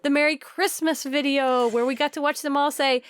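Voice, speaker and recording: A woman's voice: sits high, fairly even intonation, normal speed, no echo. A Texan woman co-hosting a podcast in casual chat, bubbly and upbeat, recorded in a small closet. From Texas. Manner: bubbly, reads listener reviews aloud. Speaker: podcast co-host.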